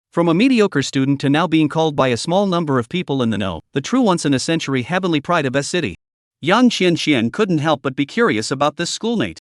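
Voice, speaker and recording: Lively male recap narrator, dry and close. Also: fairly high pitch, no room sound. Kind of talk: scripted story narration.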